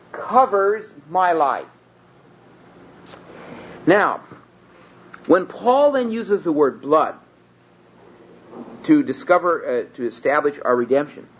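A man's voice: a little high, a bit bright. Emphatic man teaching a Bible lesson. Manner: earnest, emphatic, slows and rises on quoted scripture. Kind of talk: teaching sermon. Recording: dull lo-fi recording with faint hiss.

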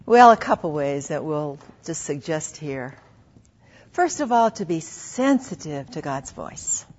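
A middle-aged woman preaching a devotional sermon, earnest and intimate, sometimes dropping to a soft hush. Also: low-pitched, big pitch swings, measured pace. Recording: slightly dull lo-fi recording.

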